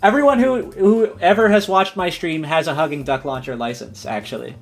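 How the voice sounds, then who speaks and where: A man streamer reading a silly story aloud and chatting with his viewers, animated and giggly. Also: a little high, brisk, vocal fry, soft background music. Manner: animated, giggly, breaks into laughs.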